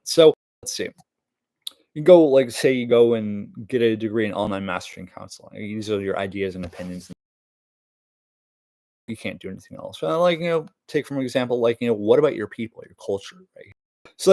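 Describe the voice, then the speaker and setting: A man's voice: medium pitch, a little mellow, no room sound. A man rambling casually through news topics, full of fillers and cursing. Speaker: vlogger reading the news.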